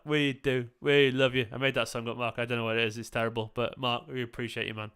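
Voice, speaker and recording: Bright, clear-voiced man thanking viewers. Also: mid-range voice, level tone, quick pace, hardly any pauses. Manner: effusive, swears freely, thanks viewers by name. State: tired and emotional. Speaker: streamer hosting a football watchalong. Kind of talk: casual live-stream chat and commentary.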